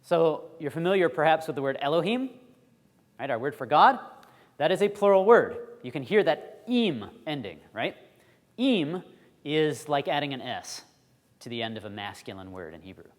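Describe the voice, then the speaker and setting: A man teaching a Bible school class, quizzing the audience in a lively, chatty way. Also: on the high side, normal speed, in a large hall. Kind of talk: classroom lecture.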